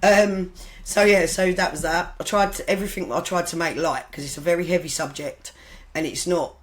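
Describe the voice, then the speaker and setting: A woman's voice: lowish voice, steady tone, brisk, poor audio. A woman talks as a podcast guest, telling her story casually and frankly. She rambles and backtracks often and corrects herself, with blunt humour and the odd swear word.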